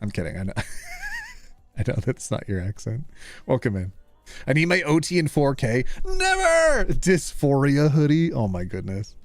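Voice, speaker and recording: A male streamer chats with his live audience in a playful, teasing manner, his pitch swinging widely from low mutters to high exclamations. The sound is dry and close, with light music faint underneath. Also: unhurried, long pauses, no room sound. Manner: playful, animated, teasing, reading chat aloud. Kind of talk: casual live-stream chat.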